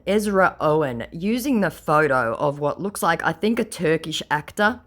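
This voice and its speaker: Low-voiced woman reading out a scam chat, taunting and sarcastic, lots of up and down in her voice. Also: expressive, moderate pace, few pauses, a bit bright. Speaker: scam-baiting vlogger. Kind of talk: casual narration of a chat.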